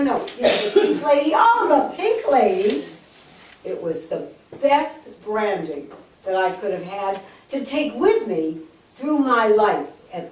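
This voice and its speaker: Lively older woman storyteller, echoey hall. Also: medium pitch. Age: 80s. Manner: lively, jokey storyteller, acts out quotes. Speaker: speaker telling her life story. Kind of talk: storytelling talk to a live audience. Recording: echoey room, distant mic.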